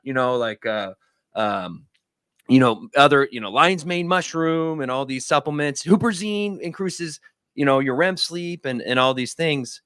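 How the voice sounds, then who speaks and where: A man in his thirties chatting casually on a livestream. He rambles through personal stories and acts out his friends' lines in a higher voice. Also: unhurried, a bit bright, smooth, no echo, studio quality. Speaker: guest. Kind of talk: casual storytelling conversation. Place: home studio.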